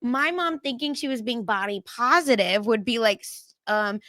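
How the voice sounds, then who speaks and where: Animated young woman from India, dry sound. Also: a little high, moderate pace, hardly any pauses, no echo. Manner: animated, laughing, acts out family quotes. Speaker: podcast co-host. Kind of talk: casual chat.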